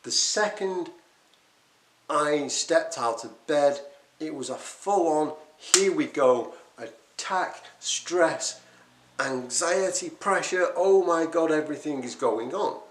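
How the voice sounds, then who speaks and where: A man, talking unscripted to camera as a quit-smoking coach, animated and emphatic, often poking fun at himself. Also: on the high side, takes it slowly, a little hiss or hum. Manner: animated, emphatic, self-deprecating. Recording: echoey room.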